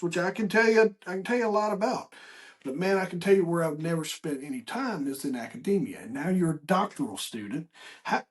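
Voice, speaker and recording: A man hosting a podcast, chatting casually and telling stories with lively acted-out dialogue. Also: high voice. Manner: animated storyteller who acts out quoted dialogue; chatty, with frequent restarts and asides. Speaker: podcast host. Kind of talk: casual conversational interview.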